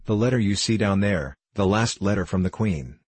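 A man's voice: fairly low pitch, animated, normal speed, darkish tone, breathy edge, dry recording. A man reading an audiobook voices an anxious old nobleman who tutors a boy, with fretful, agitated pleading.

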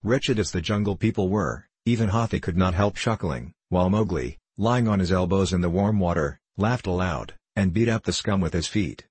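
A man reads a classic storybook aloud in a low, husky voice. The sound is dry and close, with no room around it. He gives the characters' lines in nearly his own voice. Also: normal speed, hardly any pauses, a little mellow, no echo. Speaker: audiobook narrator. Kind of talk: scripted storybook narration.

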